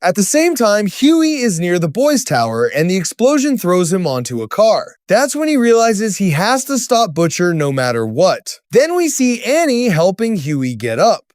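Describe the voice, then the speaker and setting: High, lively male story narrator. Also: normal speed, few pauses, dry recording, clean studio sound. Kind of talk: scripted story recap narration.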